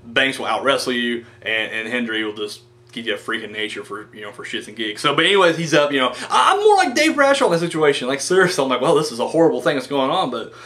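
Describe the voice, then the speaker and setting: A man's voice: mid-range voice, animated, quick pace, bright, forceful tone. A man casually reviewing a wrestling show, rambling and enthusiastic, swearing freely and acting out the wrestlers' lines in mock voices. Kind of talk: casual video review commentary.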